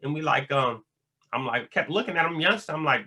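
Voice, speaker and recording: A man's voice: a little high, expressive, brisk, bright, forceful tone. A man telling prison stories in a laid-back, slangy way with lots of fillers. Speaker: vlogger talking about prison life. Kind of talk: casual storytelling monologue.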